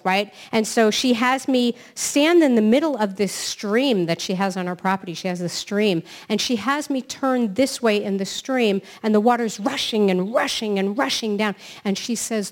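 Lively woman telling inspirational stories. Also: mid-range voice, moderate pace, hardly any pauses. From New York City. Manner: lively storytelling, keeps asking "right?". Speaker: self-help author and speaker. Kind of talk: inspirational talk.

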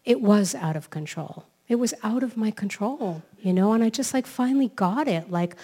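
A woman from New York City gives an inspirational talk as a self-help author. She tells her stories in a lively way, and her voice sits at an everyday middle pitch. She keeps pulling the listeners in with a quick "right?".

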